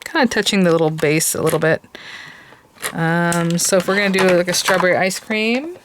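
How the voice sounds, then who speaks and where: A woman's voice: on the low side, moderate pace, background noise. A woman hosting a casual crafting tutorial, chatty and thinking aloud as she works. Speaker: crafting host.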